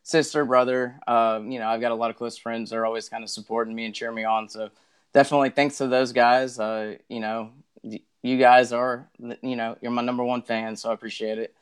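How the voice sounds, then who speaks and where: A man's voice: medium pitch, flat delivery, fairly quick, smooth. A young man as a guest on a casual podcast, modest and full of fillers like you know and um. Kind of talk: casual interview talk.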